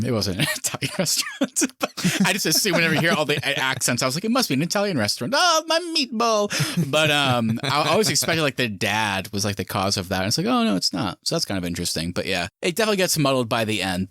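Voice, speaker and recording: Animated man in a lively podcast chat. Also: mid-range voice, dry recording, clean studio sound. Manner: animated, quick asides and voiced reactions. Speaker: podcast co-host. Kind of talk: casual movie discussion.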